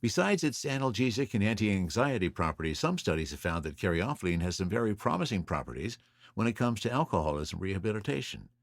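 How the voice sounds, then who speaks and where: A man's voice: on the low side, fast, dry recording, clean studio sound. A man hosting a solo podcast, reading through notes in an informative, list-like way. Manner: reads from notes, lively listing. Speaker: podcast host.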